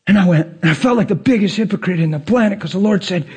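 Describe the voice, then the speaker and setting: A man preaching a passionate sermon as pastor of his church, swinging from quiet to loud. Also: fast, breathy edge. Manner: impassioned preaching with big pitch swings.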